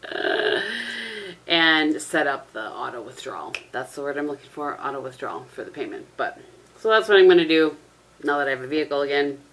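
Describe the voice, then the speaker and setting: A low-pitched, middle-aged woman talks to a camera propped up at her desk. She rambles in a chatty way and breaks into laughs between her everyday stories. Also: lively intonation, brisk, a bit bright. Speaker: vlogger. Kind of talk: casual vlog chat to camera. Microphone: camera propped on a tissue box.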